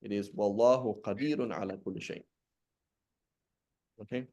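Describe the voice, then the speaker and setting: A man's voice: lowish voice, steady tone, normal speed, a little mellow. A man teaching an Arabic language class, patiently asking questions and repeating key points. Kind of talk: live online class teaching.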